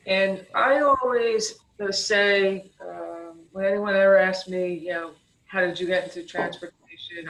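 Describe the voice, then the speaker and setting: A woman's voice: lowish voice, fairly bright tone. Woman answering panel questions, lots of um and you know, sounds far off and roomy. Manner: casual, many fillers. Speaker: keynote speaker. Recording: echoey, distant video call audio.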